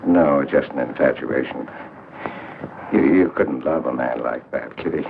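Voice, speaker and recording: A man's voice: a bass voice, a little slow, creaky, exaggerated voice. A meek, stammering older man. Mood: pleading. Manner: hesitant, stammering. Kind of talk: 1940s film acting. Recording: tinny noisy 1940s film soundtrack.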